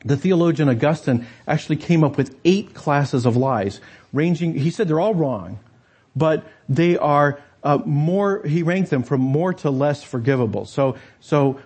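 A man's voice: on the high side, darkish tone, breathy edge. A man preaching a sermon as pastor, talking conversationally and turning to the congregation with rhetorical asides.

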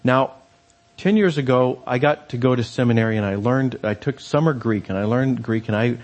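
A man's voice: mid-range voice, moderate pace, a little mellow. A man preaching a sermon in a conversational storytelling way, with fillers and restarts.

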